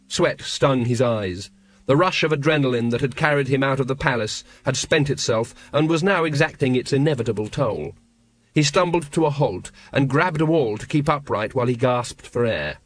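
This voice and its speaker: A man narrating an audiobook in a measured, wry storytelling manner. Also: medium pitch. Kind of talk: scripted narration.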